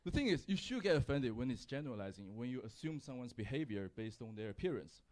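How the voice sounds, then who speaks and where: A young man from China performing a stand-up comedy set in a comedy club, with a wry, deadpan delivery. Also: mid-range voice, quick pace. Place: comedy club with live audience.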